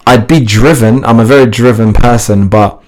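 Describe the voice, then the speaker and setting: A man who hosts a fitness TV show, chatting as a podcast guest and telling lively stories with frequent laughs. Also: medium pitch, moderate pace. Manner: animated storytelling, laughs often, restarts sentences. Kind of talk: casual interview chat.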